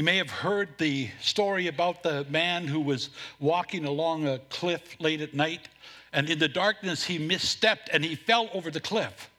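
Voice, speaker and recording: A man preaching a sermon as pastor, earnest, telling a story, with a few halting restarts. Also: on the high side, pushed and bright.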